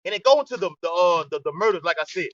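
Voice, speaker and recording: A man's voice: high voice, expressive, very fast, fairly bright tone, no echo. A man teaching a scripture study group in a preaching style. He ends many lines with "okay?" and often stammers and restarts. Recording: distant, dull lo-fi, dry.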